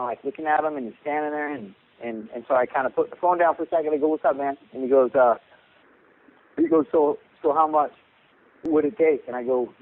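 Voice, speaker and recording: Man telling a story over a tinny phone line. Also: mid-range voice. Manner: rambling, repeats words, acts out quotes. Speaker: boxing coach guest. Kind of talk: storytelling on a podcast call. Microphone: phone call.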